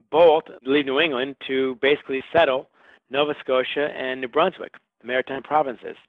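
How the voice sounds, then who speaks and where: A man's voice: medium pitch, no room sound. A male author answering interview questions, telling history with a wry, storytelling manner. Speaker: author guest. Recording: phone-like line.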